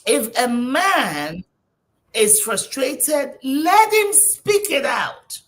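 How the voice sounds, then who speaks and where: A woman's voice: high voice, very animated, drawn-out words, slight background noise. A woman guest on a talk show, giving emphatic, preachy advice.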